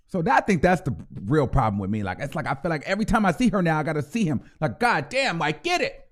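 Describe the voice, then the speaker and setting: A man with a fairly high pitch talks a little fast while hosting his own show. The commentary is casual and profane, and he animatedly plays the people he talks about.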